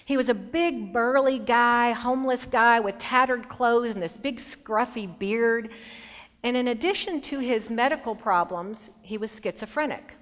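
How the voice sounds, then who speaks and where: A middle-aged woman giving a motivational speech as a keynote speaker, an expressive storyteller who shifts between bright emphasis and hushed moments. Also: a little high, a little slow. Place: large conference hall. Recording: long hall reverb.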